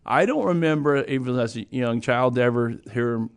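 A man's voice: medium pitch, normal speed, smooth. A middle-aged man talking casually as a host, rambling with restarts and fillers and chuckling now and then. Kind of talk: casual conversational chat.

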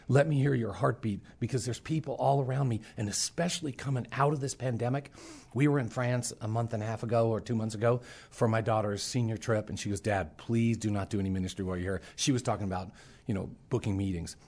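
A middle-aged man, a preacher, telling a personal testimony in casual talk and acting out the voices of the people in his story. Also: medium pitch. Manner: animated storyteller, acts out quoted voices.

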